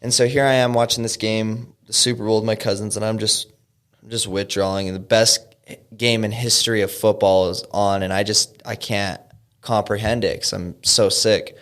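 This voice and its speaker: A young man from Utah telling his recovery story as a guest, halting with frequent fillers and restarts. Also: fairly low pitch, level tone, fairly bright tone. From Utah, USA. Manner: halting, lots of "you know" and "um", restarts. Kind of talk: personal storytelling in an interview.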